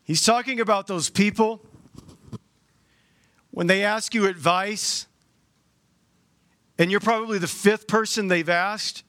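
A man preaching a sermon with a notably high voice. He talks like he is chatting with the congregation and keeps leaping up in pitch. The sound is dry and close. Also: slow, long pauses, no room sound. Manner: animated, conversational preaching with sudden jumps in pitch. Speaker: pastor.

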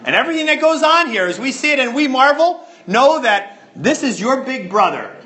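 A man preaching a sermon as pastor, emphatic and animated, repeating words to stress a point. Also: very high-pitched, brisk, reverberant.

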